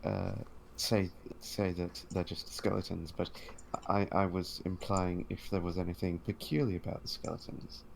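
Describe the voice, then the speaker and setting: A man playing a polite, refined male high elf wizard who speaks in formal, courteous phrases. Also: steady tone, normal speed, gravelly, few pauses, a little hiss or hum, rough recording.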